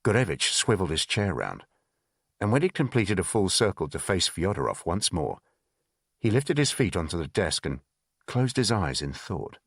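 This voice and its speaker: A man reading a spy thriller audiobook in measured, expressive narration. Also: sits low, no echo, studio quality.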